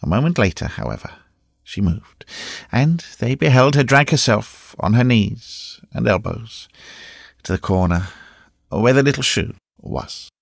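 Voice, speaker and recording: A man narrating a classic novel in a dramatic, expressive reading. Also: on the low side, measured pace, vocal fry, no echo, clean studio sound. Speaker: audiobook narrator. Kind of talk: scripted narration.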